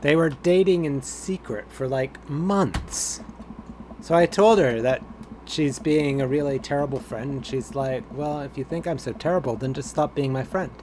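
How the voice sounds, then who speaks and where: A man's voice: medium pitch, normal speed, slight background noise, natural voice. A man reading out the lines of a hurt teenage girl confiding in her dad, in his own plain voice. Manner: read aloud flatly from game text. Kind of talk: reading game dialogue aloud.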